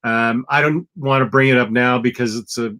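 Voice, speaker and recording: A man's voice: medium pitch, fairly even intonation, normal speed, sharp tone. A man co-hosting a casual comic book chat, blunt and opinionated, with frequent ums. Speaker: podcast co-host.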